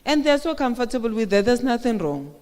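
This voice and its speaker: A woman's voice: fairly high pitch, sing-song, brisk, darkish tone. Woman in an echoey hall. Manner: conversational, asks the audience questions. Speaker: speaker at a women's conference. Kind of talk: motivational talk. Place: conference hall. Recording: echoey hall with long reverb.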